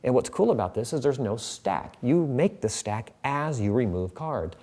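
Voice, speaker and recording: A man's voice: medium pitch, lively intonation, moderate pace, darkish tone. A man teaching a card trick in a casual tutorial, chatting as he handles the cards.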